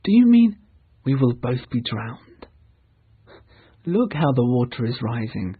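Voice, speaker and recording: A man voicing a tired, frightened young girl in a storybook reading, pleading in a husky voice. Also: medium pitch, sing-song, slow pace, narrow, tinny audio, full character voice. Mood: worried.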